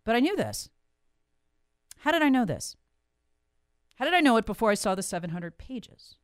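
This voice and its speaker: A woman's voice: on the high side, very animated, moderate pace, clean tone, no echo, studio quality. A woman, hosting and delivering an angry, emphatic monologue full of rhetorical questions. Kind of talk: impassioned monologue.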